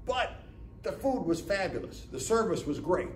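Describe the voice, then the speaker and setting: Very animated and high-pitched at a moderate pace, a man in his seventies from Northeast Ohio tells stories chattily as a guest speaker at a business lunch, acting out dialogue and often asking "right?". A far-away mic captures an echoey room with a little hiss or hum.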